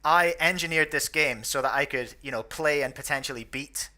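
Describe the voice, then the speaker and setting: A man's voice: fairly high pitch, moderate pace, pushed and bright. A young Scottish man from the northeast, chatty and self-deprecating, hosting and commentating on a casual online match. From northeast Scotland. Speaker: host.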